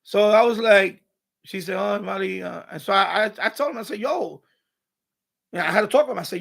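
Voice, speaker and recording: A man's voice: high-pitched, brisk, gravelly, a bit bright. A middle-aged man, ranting bluntly and profanely as he tells a story on his livestream. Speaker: livestream host. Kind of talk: casual ranting monologue.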